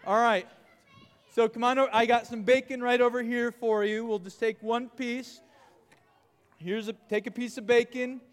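Youth pastor, male, high and bright, animated crowd-work, reverberant hall. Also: normal speed, clear, resonant tone. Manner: playful, animated, calling out to a crowd. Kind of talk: energetic youth group lesson with audience game.

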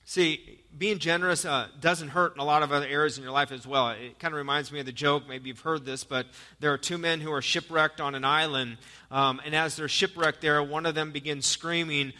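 A man's voice: on the high side, fairly even intonation, a little fast, pushed and bright, long reverb tail. A male pastor preaching an earnest sermon in a church, telling jokes and stories to the congregation. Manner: storytelling with jokes, earnest and exhorting. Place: church sanctuary.

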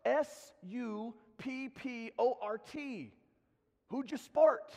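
A man's voice: extremely high pitch, slow, vocal fry, a little mellow, pitched above the performer's own voice, full character voice. A pastor voicing a friendly Scottish man who keeps repeating a question in a raised, insistent voice, heard in a reverberant hall.

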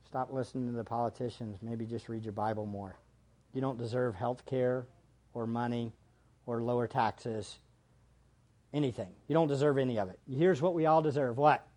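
A man preaching a sermon as pastor, swinging between hushed asides and loud emphatic lines. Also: medium pitch, fairly even intonation, moderate pace.

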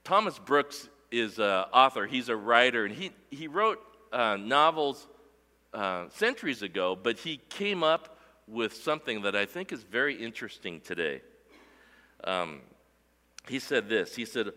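A man preaching a sermon in a church worship center, with emphatic, deliberate delivery that swells and drops for emphasis. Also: medium pitch, lively intonation, bright, forceful tone, in a large hall. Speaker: pastor.

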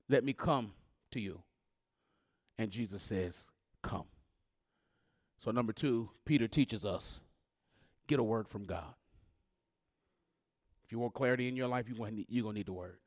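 A man preaching a sermon as pastor, leading call-and-response and swinging between hushed, drawn-out lines and loud, rising ones. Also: medium pitch, no echo, clean studio sound.

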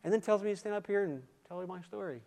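High-voiced man preaching his testimony. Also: quick pace, gravelly. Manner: swings from quiet and intimate to loud and emphatic; preacherly, with repeated "come on" and "listen". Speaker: guest speaker giving testimony. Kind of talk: sermon testimony.

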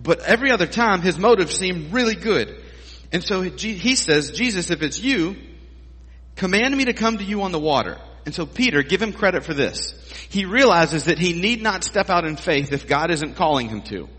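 A man's voice: high voice, animated, moderate pace, fairly bright tone, slightly rough, big-room sound. A male pastor preaching a sermon in a conversational, emphatic way, asking his listeners rhetorical questions.

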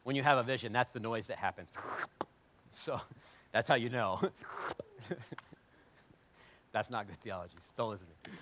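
A man preaching a sermon, animated and jokey, swinging between loud bursts and quiet asides. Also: fairly low pitch, moderate pace, long pauses. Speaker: pastor.

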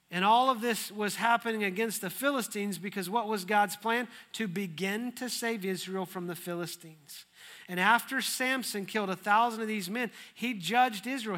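A man preaching a sermon, telling the story in a lively, humorous way. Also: high-pitched, moderate pace. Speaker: pastor.

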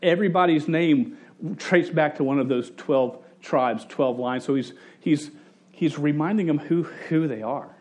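With a slightly high voice for a man and a somewhat mellow tone, a pastor tells stories through his sermon at a measured pace. He's jokey and conversational, often cutting himself off to restart, and he briefly mimics the people he quotes.

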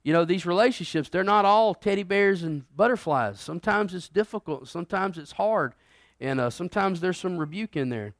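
A middle-aged man preaching a conversational sermon as pastor, swinging between loud emphasis and quiet, drawn-out lines. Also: high voice, expressive, dry recording, studio quality.

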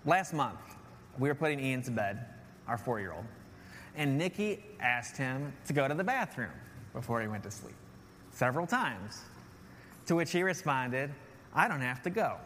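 A man's voice: medium pitch, sing-song, moderate pace, long pauses, fairly bright tone. Preacher, male, thirties: earnest, drives points home with repetition, hall reverb, light hiss. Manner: earnest, repeats key phrases with "right?". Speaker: pastor. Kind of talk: sermon. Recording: long hall reverb, faint noise.

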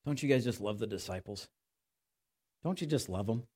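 A man's voice: lowish voice, lively intonation, normal speed, darkish tone, breathy edge. A male pastor giving a conversational sermon in a church, often asking his listeners rhetorical questions.

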